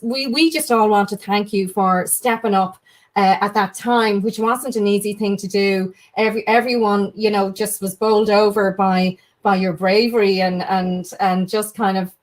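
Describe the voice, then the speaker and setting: A woman's voice: medium pitch, fairly even intonation, moderate pace. A woman with an Irish accent hosting a casual video-call chat, gushing and agreeing, with many fillers. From Ireland. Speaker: host.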